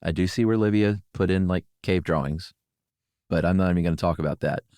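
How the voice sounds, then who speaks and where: Middle-aged man, lowish voice, laid-back podcast co-host, dry close studio mic. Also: brisk, clean tone, no echo. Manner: relaxed, rambling, full of fillers. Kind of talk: casual chat.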